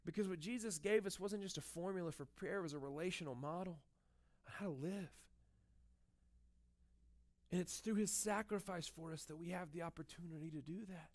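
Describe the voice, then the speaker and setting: A young man preaches a sermon in a high, light voice. He tells a personal story in a relaxed way, with plenty of "like" and restarts. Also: a little fast. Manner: storytelling, with frequent fillers and restarts. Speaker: pastor.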